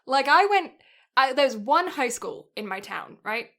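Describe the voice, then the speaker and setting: A British woman co-hosting a podcast, telling a story in a chatty, animated way and laughing often. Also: high-pitched, measured pace. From Britain. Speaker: podcast co-host.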